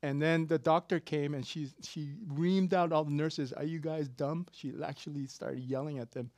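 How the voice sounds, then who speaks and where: A man preaching a sermon, telling a personal story casually with sudden loud, emphatic bursts. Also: fairly high pitch, fairly even intonation, moderate pace, no room sound. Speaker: pastor.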